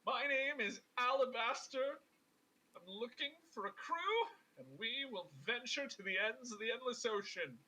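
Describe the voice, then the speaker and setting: A man's voice: extremely high pitch, animated, a little slow, sharp tone, a little hiss or hum, pitched above the performer's own voice, exaggerated voice, low-quality recording. A man voicing a pompous, self-important nobleman adventurer in a tabletop game. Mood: grandiose.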